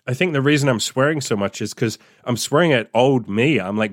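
A man's voice: medium pitch, animated, a little fast, hardly any pauses, dry recording, clean studio sound. A young man telling a story from his diary in a casual podcast monologue, swearing often and reacting aloud as he reads. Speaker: podcast host reading his old diary.

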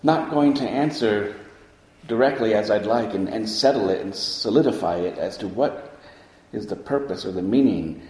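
A man teaching as a meditation teacher, giving a dharma talk in a slow, reflective way, pausing often with soft fillers. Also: lowish voice, animated. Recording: roomy hall with long reverb.

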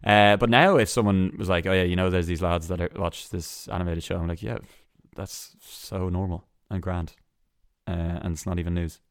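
A man hosting a solo entertainment news podcast, chatty and sarcastic, full of quick asides and restarts. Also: sits low, steady tone, no room sound, studio quality. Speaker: podcast host.

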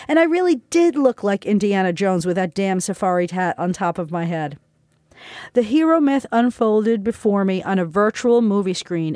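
A woman narrating her own memoir as an audiobook, slow, reflective and heartfelt. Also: medium pitch, a little mellow, no room sound, clean studio sound.

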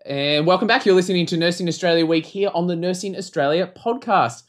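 A man's voice: sits high, brisk. A man co-hosting a podcast, with dry, short replies. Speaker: podcast co-host.

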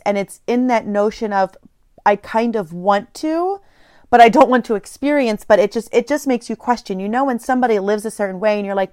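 Her voice is mid-range and clean, her pace moderate, and the studio-quality recording has no room sound. This woman in her thirties works through ideas on her solo podcast, wandering reflectively and frequently starting over.

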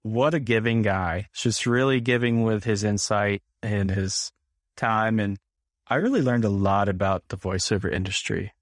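A man co-hosting a podcast chats in a relaxed way, filling his sentences with "like." His voice is fairly low. The recording is dry and close. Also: moderate pace, no echo. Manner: easygoing, filler-heavy, lots of "like". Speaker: podcast co-host. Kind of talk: casual podcast chat.

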